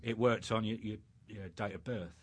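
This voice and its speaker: A man's voice: fairly low pitch, fairly even intonation, moderate pace, slightly rough. An older man with a British accent, rambling through life stories in a casual interview, full of fillers and restarts. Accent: British English. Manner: rambling anecdotes with many fillers. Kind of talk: storytelling in casual chat.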